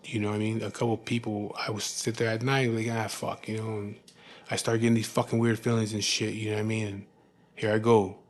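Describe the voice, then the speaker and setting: A man with a fairly low voice tells his story candidly, in a rough, profane way. His talk is loose and full of "you know what I mean". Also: little pitch movement, quick pace. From California. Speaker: former prisoner telling his story.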